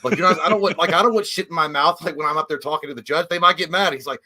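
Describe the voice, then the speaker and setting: Man, rapid, bright and forceful, crude joking storyteller. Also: a little high, a little hiss or hum. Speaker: podcast co-host. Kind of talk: casual chat.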